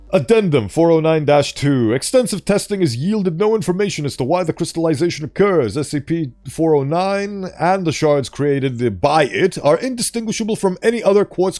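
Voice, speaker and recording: A man's voice: a little high, a little mellow. A man streaming a casual reading of horror articles, breaking off into playful, joking asides. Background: faint background music.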